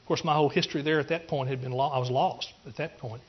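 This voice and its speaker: A pastor from East Texas giving an earnest testimony sermon, rambling through restarts and rising into emphatic preaching. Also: male voice, medium pitch, fairly even intonation, quick pace, husky, lo-fi sound.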